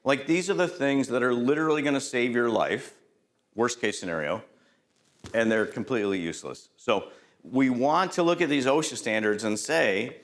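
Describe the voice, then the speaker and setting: A man's voice: mid-range voice, normal speed. A middle-aged man giving a conversational safety lecture, quizzing the audience and tossing in "right?" as he tells stories from the job. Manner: storytelling with lively anecdotes. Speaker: safety trainer.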